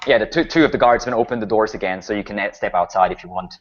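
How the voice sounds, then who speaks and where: A man's voice: fairly low pitch, racing, muffled recording. A man narrating a tabletop game as game master, casual and full of fillers.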